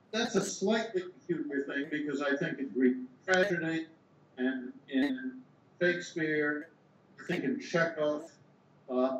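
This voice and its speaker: A man's voice: a little high, distant mic. Older man explaining philosophy, echoey room. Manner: measured, thinks aloud with restarts. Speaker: philosopher interviewee. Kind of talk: academic interview explanation. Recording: echoey room, dull sound, background hiss.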